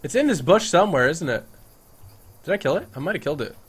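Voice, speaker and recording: A man narrating his own gameplay in a joking, casual way, his voice sitting a touch higher than most men's. He gets excitable fast and breaks into loud yelling when things go wrong in the game. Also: slightly rough. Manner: playful, jokey. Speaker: gaming YouTuber. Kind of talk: let's-play commentary.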